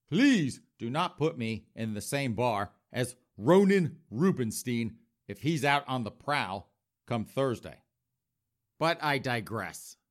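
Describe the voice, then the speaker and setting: A man's voice: mid-range voice, a bit bright. A man hosting a podcast, delivering a sarcastic, campy comedic monologue. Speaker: podcast host.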